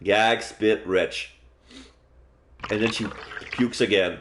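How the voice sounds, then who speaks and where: A man's voice: fairly low pitch, steady tone, takes it slowly, fairly bright tone, slight background noise. A man streaming a game live, commenting with wry, joking asides.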